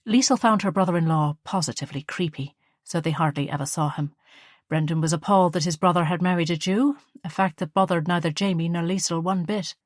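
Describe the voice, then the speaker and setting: Audiobook narrator: woman, measured storytelling, slightly low, dry sound. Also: dry recording. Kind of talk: scripted narration.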